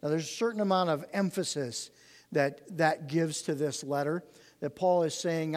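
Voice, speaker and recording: Earnest Bible teacher in a reverberant hall. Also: male voice, on the high side, moderate pace. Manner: earnest, explanatory, emphatic on key words. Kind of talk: Bible study sermon.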